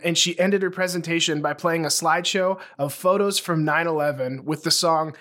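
A man's voice: a little high, steady tone, fairly quick, few pauses, fairly bright tone. A man co-hosting a podcast, telling anecdotes in a laid-back way and laughing easily. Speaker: podcast co-host. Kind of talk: casual chat.

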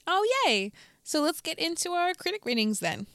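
A woman's voice: high-pitched, big pitch swings, normal speed, sharp tone, no room sound, clean studio sound. A young woman co-hosting a podcast, chatting casually and laughing, with lots of "like" and "um". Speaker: podcast co-host. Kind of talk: casual chat.

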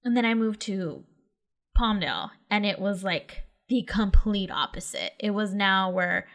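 A woman's voice: medium pitch, unhurried, a bit bright. A young woman from the Los Angeles area co-hosting a podcast in casual chat, full of "like" and "um" fillers. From Los Angeles area, California. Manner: chatty, lots of "like" and "um" fillers. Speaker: podcast co-host.

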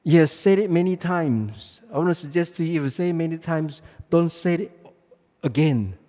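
A man's voice: fairly high pitch, animated, normal speed, dark tone. A man preaching a sermon, emphatic, with many restarts and fillers. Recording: long hall reverb.

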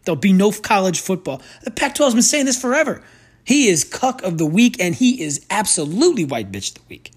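High-voiced, profane sports betting ranter. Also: male voice, sing-song, a little fast, husky. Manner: profane, sarcastic, rambling. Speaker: podcast host and sports bettor. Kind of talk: ranting sports betting podcast. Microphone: new sensitive microphone at a desk.

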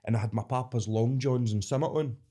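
A man's voice: medium pitch, a little fast. A Scottish man telling stories in a casual podcast chat, acting out voices and laughing often. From Scotland. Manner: lively storyteller, acts out voices, laughs often. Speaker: podcast guest, entertainer.

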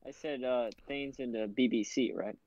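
A man's voice: moderate pace, a little mellow, dry recording, highs cut off. A man joining a podcast call as a guest, joking and giggling with the hosts. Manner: joking, giggly, wild pitch swings. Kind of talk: casual banter among friends. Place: online voice call.

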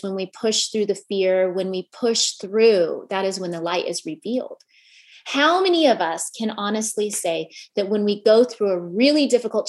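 Speaking to a gathering of women, a middle-aged woman delivers a sincere motivational talk and often asks her listeners questions. Her voice is mid-range and a little mellow.

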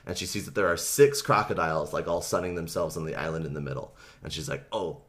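A man casually recapping a book for a comedy podcast, animated, acting out the characters' lines and laughing often. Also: very deep voice, quick pace. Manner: animated retelling, acts out quotes, laughs often, many fillers.

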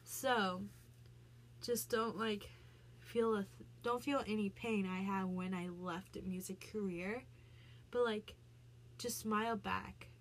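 Slight background noise accompanies a woman speaking slowly in a steady, mid-range voice as she explains song lyrics in a casual vlog. She's chatty, often saying "like" and starting sentences over.

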